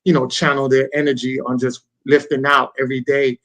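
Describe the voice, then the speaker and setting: A man's voice: mid-range voice, level tone, fairly quick, a bit bright. A man co-hosting a podcast in loose, rambling casual chat, often checking in with "you know what I'm saying". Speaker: podcast co-host.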